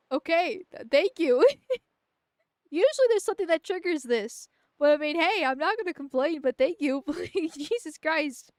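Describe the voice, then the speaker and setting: A woman's voice: high-pitched, no echo. A young woman streaming a game, chatting crudely and jokingly, often laughing and stumbling over her words. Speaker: vtuber streamer. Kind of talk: casual gameplay commentary.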